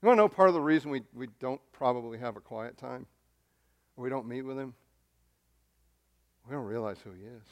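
A man preaching a sermon, excitable and emphatic, often repeating words and swinging between loud stresses and quiet asides. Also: medium pitch, brisk, pauses often. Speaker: pastor.

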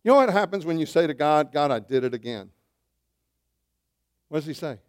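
Animated male preacher. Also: fairly high pitch, fairly quick, clear, resonant tone. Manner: animated preaching, swings from loud to hushed; addresses listeners as saints, asks questions. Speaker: pastor. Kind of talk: sermon.

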